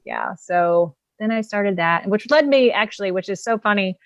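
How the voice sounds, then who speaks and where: A woman's voice: medium pitch, moderate pace, no room sound. A woman, an empowerment coach and author, telling her personal story as a guest in a casual, candid way, often laughing between thoughts.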